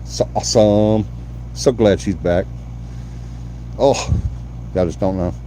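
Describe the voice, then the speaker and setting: Low, mellow man chatting. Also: takes it slowly, a little hiss or hum. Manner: effusive, repeats himself, talks to the chat. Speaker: host of a live paranormal show. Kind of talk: casual live-stream chat.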